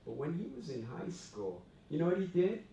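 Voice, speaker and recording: Animated man telling stories in echoey room. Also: on the high side, moderate pace, far from the mic, slight background noise. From Hawaii. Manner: animated, chatty storyteller. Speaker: company president. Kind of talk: storytelling speech to employees.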